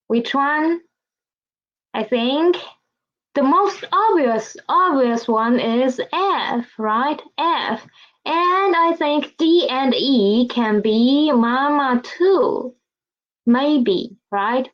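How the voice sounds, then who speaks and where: Woman teacher going slow and patient, kinda dull lo-fi sound. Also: high-pitched, lively intonation. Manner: slow, patient, repeats words for the listener to echo. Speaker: Chinese language teacher. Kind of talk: online language lesson.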